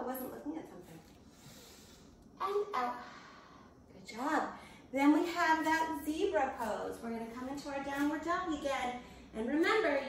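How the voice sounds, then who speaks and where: Slow, echoey kids' yoga teacher woman. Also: fairly high pitch, slight background noise. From United States. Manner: gentle, encouraging, slow and patient. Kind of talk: children's yoga lesson with story reading. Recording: very echoey room, voice from far off.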